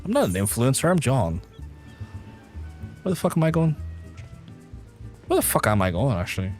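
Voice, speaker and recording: A man's voice: medium pitch, big pitch swings, normal speed, darkish tone, soft background music. Rambling, swearing Belfast man streaming. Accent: Belfast, softened. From Northern Ireland. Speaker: game streamer. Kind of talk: casual live-stream chat while playing.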